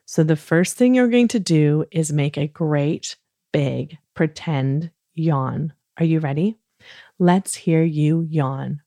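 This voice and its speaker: A woman hosting a children's podcast, talking gently and soothingly at bedtime, coaxing listeners along with playful pretend yawns. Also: deep voice, dry recording, clean studio sound. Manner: soft, soothing and encouraging, with playful drawn-out yawns. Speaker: kids podcast host.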